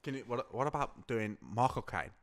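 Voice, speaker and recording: A man hosting a casual comedy podcast, animated and laughing often between remarks. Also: mid-range voice. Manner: laughing often, animated, quick to jump into voices. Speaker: podcast host.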